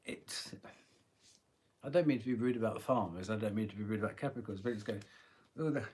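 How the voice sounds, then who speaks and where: A man with a husky voice giving a live tarot reading, chatty and rambling, often clearing his throat. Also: fairly low pitch, fast, a little mellow. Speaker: tarot reader.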